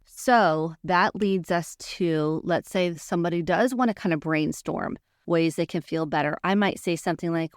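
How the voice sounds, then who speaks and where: A woman's voice: lowish voice, moderate pace, hardly any pauses, no room sound, clean studio sound. A woman therapist hosting a podcast, teaching communication skills in an earnest, coaching monologue and acting out sample phrases.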